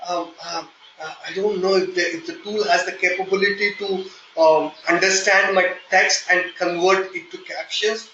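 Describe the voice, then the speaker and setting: A man with an Indian accent teaching a live online software testing class, explaining step by step and checking in with "okay?". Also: high-pitched, fairly even intonation, moderate pace, echoey room, lo-fi sound, a little hiss or hum. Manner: explanatory, repeats "okay?" often, hesitant fillers when flustered. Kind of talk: live online training session.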